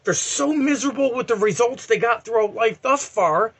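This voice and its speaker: A man's voice: very high voice, moderate pace, heavy background noise. A man in his forties giving a blunt, profane motivational talk in a vlog. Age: 40s. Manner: blunt and profane, animated, heavy swearing. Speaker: eBay reseller.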